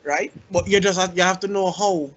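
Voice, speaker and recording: A man's voice: high-pitched, fairly even intonation, normal speed, fairly bright tone. A man co-hosting a casual podcast, rambling and restarting his sentences, laughing easily, over a muffled lo-fi recording.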